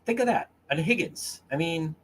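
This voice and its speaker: A man's voice: fairly high pitch, animated, normal speed. A man hosting a casual livestream, crude and mocking as he reads comments from chat. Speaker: livestream host.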